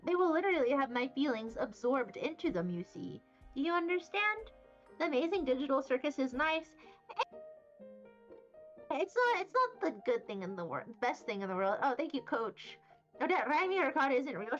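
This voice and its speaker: A woman's voice: high-pitched, sing-song, moderate pace. A young woman from Wyoming streaming, chatting casually and reading chat aloud in a rambling, silly, playful way. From Wyoming, USA. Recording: slightly dull audio with faint background music.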